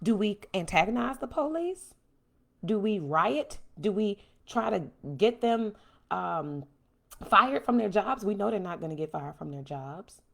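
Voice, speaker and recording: A woman's voice: mid-range voice, a little slow, creaky. A woman hosting a livestream from home, speaking with passion and answering viewer comments. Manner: impassioned, animated, reads and answers viewer comments. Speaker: host.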